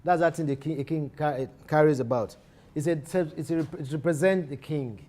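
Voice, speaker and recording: A man's voice: a little high, normal speed, dark tone. A man teaching a literature lesson, often repeating key phrases and restarting his sentences. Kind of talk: lecture.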